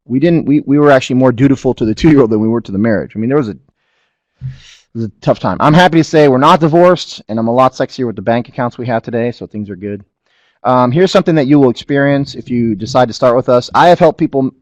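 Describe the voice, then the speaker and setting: A middle-aged man presents a business opportunity over a webinar, mixing personal stories with pitches. He keeps checking in with listeners and leans on repetition. His voice sits at an average pitch, recorded close with no room sound. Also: no echo, lo-fi sound. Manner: animated storyteller, asks the audience to agree.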